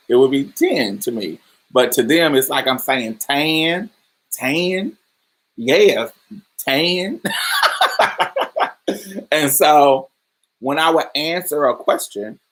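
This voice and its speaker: A man's voice: mid-range voice, fairly bright tone. A man from Indiana hosting a podcast, telling personal stories in a chatty way, laughing often and calling the listener "baby". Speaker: podcast host. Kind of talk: casual podcast storytelling.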